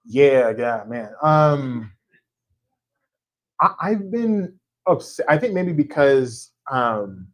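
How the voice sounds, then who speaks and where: An author, a man, holds a church audience with an animated, anecdote-filled account of his writing life. His voice sits at an ordinary middle pitch and keeps returning to quick asides asking the room to agree. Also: low-quality recording. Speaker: author discussing his book. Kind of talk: storytelling conversation before a live audience. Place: church event space.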